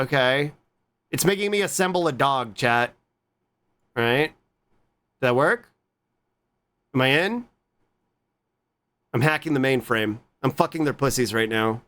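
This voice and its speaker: Excitable streamer man, lively pitch. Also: smooth. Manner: excitable, swears a lot, jumps to squeaky high greetings. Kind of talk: casual stream chat.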